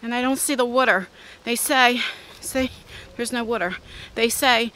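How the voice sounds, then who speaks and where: A woman's voice: on the high side, normal speed, a bit bright. A woman out of breath, chatting to her viewers as she walks outdoor trails, filming on a handheld phone. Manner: chatty, talks to viewers while walking. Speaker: vlogger. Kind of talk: casual walk-and-talk vlog.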